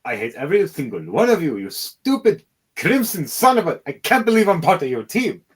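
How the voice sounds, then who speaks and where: A man's voice: very animated, brisk, husky. A man voicing an exasperated male wizard who rants at his own team between fits of laughter. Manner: laughing, ranting, high and strained.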